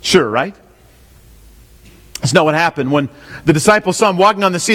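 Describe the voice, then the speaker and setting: This pastor's slightly high, fairly bright voice has lively intonation, normal speed and frequent pauses as he preaches an expository sermon. He often quizzes the congregation and repeats his key lines, with a long hall reverb in the recording.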